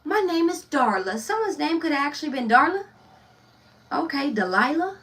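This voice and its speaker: A woman's voice: high voice, big pitch swings, moderate pace, a bit bright, recorded from a distance, rough recording. A woman doing a casual tarot reading, loose, chatty and blunt, swearing freely and laughing often. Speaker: tarot reader.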